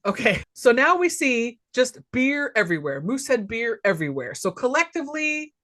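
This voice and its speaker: A woman's voice: on the high side, big pitch swings, normal speed, a bit bright. A woman co-hosting a podcast, recapping a film in casual chat and laughing often as she goes. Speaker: podcast co-host.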